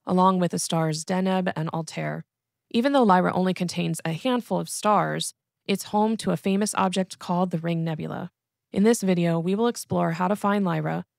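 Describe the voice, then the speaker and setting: A woman giving a calm, clear scripted narration as an astronomy educator. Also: fairly low pitch, no room sound, studio quality. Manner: calm, clear instructional delivery.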